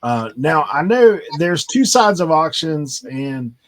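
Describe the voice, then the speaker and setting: A man's voice: a little high, big pitch swings, slow pace. A man co-hosting a reseller stream, chatting easily and laughing as he adds tips. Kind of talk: casual chat.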